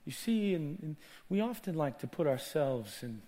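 A male pastor delivers a sermon in a high voice that leaps all over the place. He drops to near-whispers, then builds to loud shouts. He acts out the people he talks about. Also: sing-song, moderate pace.

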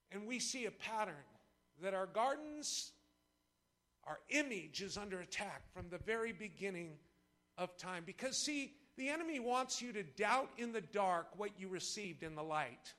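A man preaching a sermon in church, impassioned and playful with the congregation, swinging from shouts to hushed lows. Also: lively intonation, moderate pace. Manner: impassioned, rising to shouts, then dropping low. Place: church service before a congregation.

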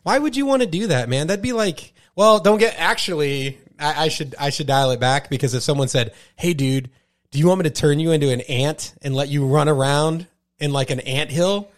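Podcast co-host, young male, slightly high voice, excitable casual banter, big pitch jumps. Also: moderate pace. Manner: excitable, says dude a lot, big pitch jumps when joking.

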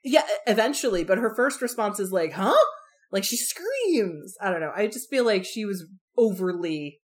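A woman discussing a novel in casual chat, animated, acting out the characters' lines and swearing casually. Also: medium pitch, normal speed.

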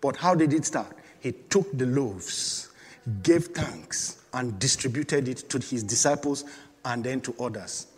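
A man's voice: mid-range voice, expressive, measured pace, husky, in a large hall. A man preaching a sermon with emphatic repetition, calling on the congregation to respond. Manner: emphatic preaching with repeated calls and congregation prompts. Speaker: pastor.

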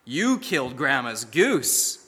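A man's voice: mid-range voice, very animated, slow pace, pushed and bright, big-room sound, pitched below the performer's own voice, heavily acted. A man voicing a scheming young girl who blackmails her brother, drawing out her words in a taunting way. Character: sly, bossy young sister.

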